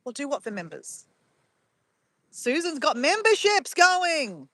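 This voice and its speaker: A chatty woman with a bright, fairly high voice talks live to her viewers from her phone. She walks outdoors at sunrise, reading out chat messages as she goes. The sound is close and dry. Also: big pitch swings, takes it slowly, no room sound. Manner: chatty, greets viewers by name and reads chat aloud. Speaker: live streamer. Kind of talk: casual live-stream chat.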